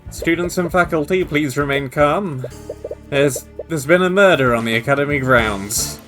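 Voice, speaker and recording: A man's voice: a little high, normal speed, a bit bright, faint music behind, natural voice. A man reading as a headmaster on the intercom. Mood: urgent formal. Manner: formal, urgent announcement. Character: school headmaster making an intercom announcement.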